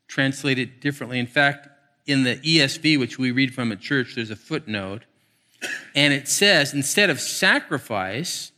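A man preaching a sermon, swinging between hushed, slow phrases and quick, emphatic bursts. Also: mid-range voice. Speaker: pastor.

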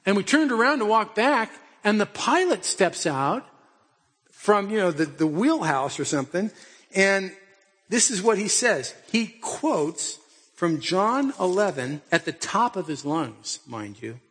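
A middle-aged male pastor with a fairly high, husky voice delivers a sermon in a loose, storytelling manner, pressing his listeners with direct questions. His voice carries a long reverb from a large hall. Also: sing-song, unhurried, fairly bright tone. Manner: conversational storytelling with pointed rhetorical questions.

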